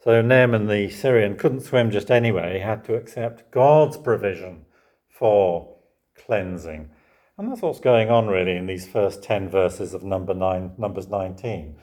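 A man's voice: lowish voice, measured pace, a little mellow. An older man preaching a Bible sermon in a conversational way, often ending points with questions like "isn't it?". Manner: conversational, with rhetorical tag questions. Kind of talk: expository sermon.

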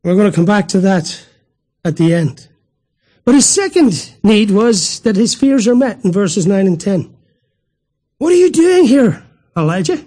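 A man's voice: high voice, animated, measured pace, mellow. A man preaching a sermon, emphatic and full of rhetorical questions to the congregation.

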